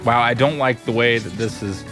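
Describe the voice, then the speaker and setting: A man's voice: medium pitch, moderate pace. Man, casual game streamer, chatty and giggly, faint music underneath. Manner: chatty, laughs often, talks to chat. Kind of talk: casual gameplay chat with chat readers.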